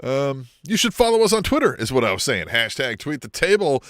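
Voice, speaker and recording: Male podcast co-host, mid pitch, very lively delivery, dry close mic. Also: fairly quick, dry recording. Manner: joking, playful, runs the listener tweets. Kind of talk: casual wrestling chat.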